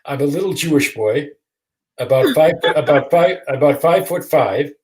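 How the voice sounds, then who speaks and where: This sixty-something Michigan man, a guest attorney on a video call, tells a story in a relaxed interview, laughing at his own expense. His voice sits a little high and moves at normal speed.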